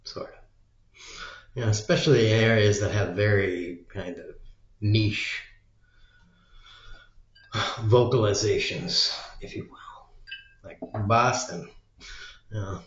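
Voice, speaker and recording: An American man musing aloud in a slow, meandering solo monologue, trailing off into fillers. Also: lowish voice, fairly bright tone. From United States. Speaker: vlogger. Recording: dull lo-fi sound in an echoey room.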